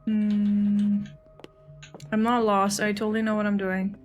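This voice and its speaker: A young woman live-streams a game, talking to her viewers in a loose, excitable way. She swears freely and keeps thanking people by name. Faint game music plays softly behind her voice, which sits at an ordinary middle pitch. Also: unhurried. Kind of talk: casual live-stream chatter while playing.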